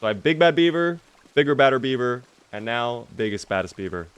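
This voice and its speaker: Clear and resonant, this young man's mid-range voice has lively intonation and a brisk pace. He's playing a zombie survival game on stream, talking casually and reading out questions from chat so he can answer them.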